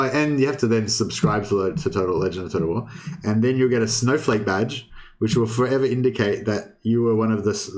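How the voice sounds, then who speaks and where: A man's voice: fairly low pitch, a little mellow. A young man streaming, chatting casually with his viewers in a rambling way, often restarting sentences and swearing. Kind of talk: casual livestream chat.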